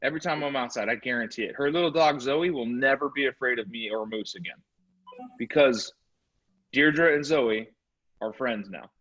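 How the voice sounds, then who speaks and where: A man with a medium-pitched voice giving a motivational sales-training talk. He tells animated, energetic stories to make his points. The recording sounds slightly muffled. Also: normal speed. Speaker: real estate sales trainer.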